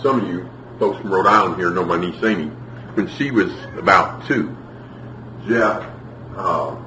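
A man preaching a sermon, telling lively stories and acting out the people in them. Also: on the low side, noisy background. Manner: animated storytelling, acts out quotes. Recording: echoey room, from far off.

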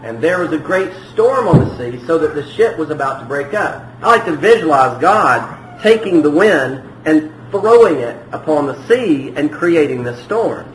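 A man's voice: fairly high pitch, animated, moderate pace, few pauses. A man preaching a verse-by-verse sermon in a conversational way, often asking the congregation questions. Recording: echoey room with faint noise.

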